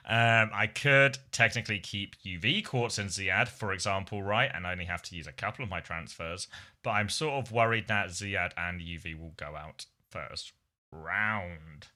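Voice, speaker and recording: Bright-voiced middle-aged streamer. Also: male voice, low voice, measured pace. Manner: playful, laughs often, chatty with viewers. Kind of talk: casual live-stream chat.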